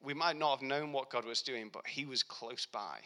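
A young man giving a heartfelt personal faith testimony, speaking earnestly and reflectively with pauses and restarts. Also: medium pitch, sharp tone. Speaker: Christian speaker.

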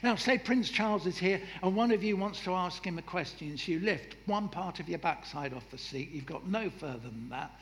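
A man preaching a sermon in a lively, humorous way, acting out voices and jokes. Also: sits high, moderate pace, hardly any pauses. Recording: echoey hall with faint noise.

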